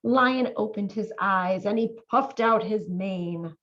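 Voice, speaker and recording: A woman volunteer reading a children's picture book aloud in an animated way, stopping to ask the young listeners questions. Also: mid-range voice, takes it slowly. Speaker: volunteer reader. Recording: dull lo-fi audio.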